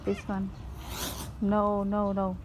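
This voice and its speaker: A woman speaks in simple, unpolished English while feeding strays outdoors at a pagoda, often slipping into a cooing, coaxing tone with the animals. Her voice sits at a middle pitch and moves at a slow, unhurried pace. Steady outdoor noise runs behind her. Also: lo-fi sound. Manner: simple non-native English, coaxing baby talk to animals. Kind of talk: casual vlog commentary.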